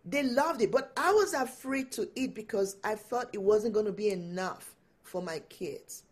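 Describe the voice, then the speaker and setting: A woman guest and empowerment coach, telling personal stories with animated delivery and frequent laughter. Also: mid-range voice, normal speed. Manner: animated storytelling, laughs often. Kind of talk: storytelling in an interview.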